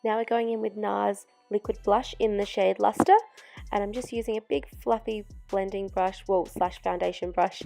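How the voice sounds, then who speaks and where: Gravelly-voiced woman explaining makeup. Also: mid-range voice, mellow. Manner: chatty, step-by-step explaining with fillers. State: losing her voice. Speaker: makeup artist. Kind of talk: makeup tutorial voice-over.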